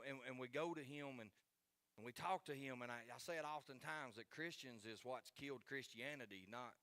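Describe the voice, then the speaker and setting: A pastor in his forties delivers a sermon with a middle-of-the-road male pitch. He speaks in a folksy, earnest way and leans on repetition to drive his points home. The sound is dry, with almost no room echo. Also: a bit bright. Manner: earnest, folksy, repeats key phrases for emphasis.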